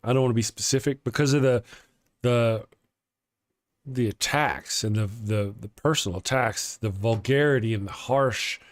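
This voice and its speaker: A man's voice: medium pitch, moderate pace, dry recording, clean studio sound. A man with a Texas accent hosting a casual atheist morning livestream. He rambles, chuckles often and restarts his sentences while reading viewer comments.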